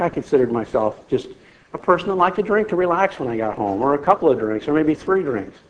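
A middle-aged man preaching a folksy sermon, speaking to the congregation conversationally. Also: fairly high pitch. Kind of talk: sermon with personal testimony. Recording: slightly dull lo-fi sound.

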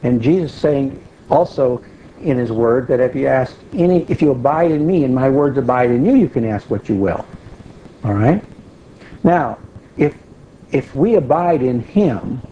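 On a dull lo-fi recording with faint hiss, a man with a mellow, medium-pitched voice gives a conversational Bible teaching. He explains patiently and repeats key phrases for emphasis.

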